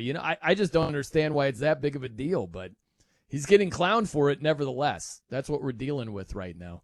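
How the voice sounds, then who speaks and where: A man hosting a sports talk radio show, chatty and animated, laughing often. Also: a little high, fairly quick, no echo.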